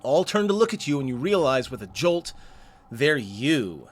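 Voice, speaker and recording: A man's voice: mid-range voice, sing-song, moderate pace. A man hosting a game playthrough, reading the story text aloud and breaking off for chatty asides. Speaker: let's play host.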